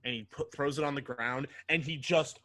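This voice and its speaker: Man, tabletop player, narrates his character, amused, bright voice, middle pitch. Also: moderate pace. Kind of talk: casual game chat.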